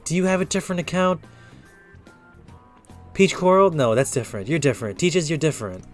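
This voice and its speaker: A man's voice: a little high, animated, fairly quick, faint music behind. A man giving a casual tarot reading on a live stream, chatting loosely and directly with his viewers. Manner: chatty, talks straight to chat viewers, loose and upbeat.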